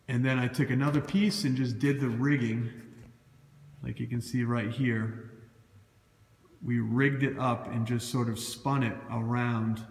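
A man's voice: medium pitch, slight background noise. A man with a Boston accent, a throws coach giving a casual, loose how-to walkthrough and correcting himself as he points things out on camera. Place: indoor gym throwing area. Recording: echoey gym with long reverb.

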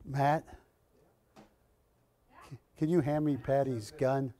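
A man with a mid-range voice talks slowly as he hosts a live shopping broadcast. He sells art with a joking, chatty style, animated throughout and teasing his co-hosts.

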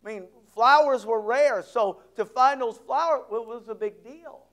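A man preaching a sermon as pastor, conversational and joking, swinging between loud and hushed. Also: extremely high pitch, measured pace.

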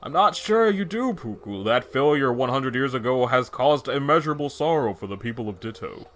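A man voicing a serious old male sword keeper in a game playthrough, speaking in a formal, measured way. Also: mid-range voice, animated, soft background music, close to an everyday voice. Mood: grave. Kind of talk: video game voice acting.

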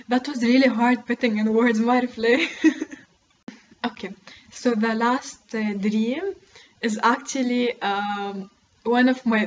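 A woman's voice: fairly high pitch, darkish tone, muffled recording, slight background noise. A young woman chatting to her camera at home, giggly and rambling, full of "like" and "oh my God". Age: young adult. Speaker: beauty vlogger. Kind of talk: casual chat to camera. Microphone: camera close to the face.

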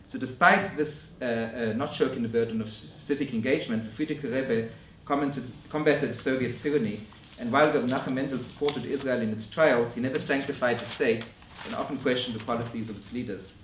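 A man giving a scholarly conference lecture in a measured way, often restarting his phrases. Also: medium pitch, steady tone, fairly bright tone, a little hiss or hum. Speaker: academic lecturer. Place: lecture room. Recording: roomy echo from a distant mic.

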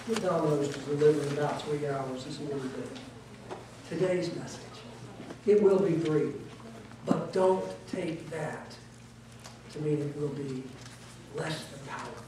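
Joking pastor preaching in an echoey hall. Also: male voice, a little high, background noise. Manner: folksy and joking, with repeated emphatic words. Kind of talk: sermon. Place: church sanctuary. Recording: echoey church hall, voice from a distance.

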